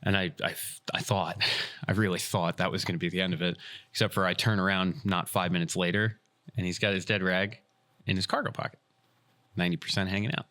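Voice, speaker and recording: A man's voice: deep voice, brisk. A man hosting a casual podcast, telling a story and acting out the lines of the people in it. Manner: animated retelling, acts out quoted dialogue. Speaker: podcast host and field referee.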